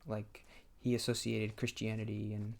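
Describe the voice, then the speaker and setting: A man's voice: lowish voice, monotone, moderate pace, gravelly, a little mellow. A man talking casually while he plays a game, thinking aloud in a hesitant way and often restarting his sentences. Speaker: gameplay commentator.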